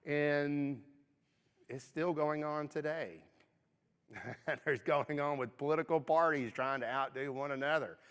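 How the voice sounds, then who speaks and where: A man's voice: fairly high pitch, unhurried, a bit bright, smooth. West Kentucky man teaching a Bible class. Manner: conversational, frequent "okay?" check-ins. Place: church auditorium. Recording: long reverb of a church auditorium.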